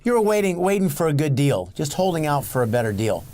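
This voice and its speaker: A man talking as a guest in a casual interview, animated and enthusiastic, often repeating his words. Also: on the high side, fast, a little hiss or hum. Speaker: guest, filmmaker.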